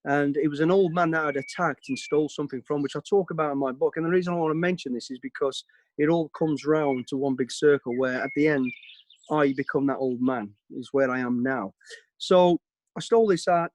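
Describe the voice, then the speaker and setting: Energetic Brummie man on a video call. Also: fairly high pitch, no room sound. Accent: Birmingham. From Birmingham, England. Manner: energetic, quick, plain-spoken. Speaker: guest speaker. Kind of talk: informal talk on a video call.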